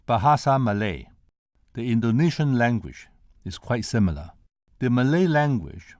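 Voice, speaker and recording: A man's voice: mid-range voice, a little mellow, no echo, clean studio sound. An older man from Hong Kong giving a prepared conference lecture, carefully sounding out tones and syllables one at a time to demonstrate them. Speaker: presenter at a conference.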